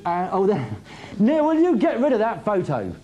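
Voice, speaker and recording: A man's voice: high-pitched, wildly swooping pitch, a little fast, warm tone. A man hosting a music TV show, chatty and self-mocking in a playful way. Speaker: TV host. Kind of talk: jokey TV show presenting.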